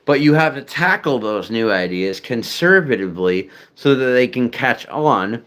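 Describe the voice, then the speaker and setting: A man's voice: mid-range voice, lively intonation, normal speed, a bit bright. Rambling profane man chatting casually. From United States. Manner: rambling, profane, self-deprecating, many fillers. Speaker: streamer chatting with viewers.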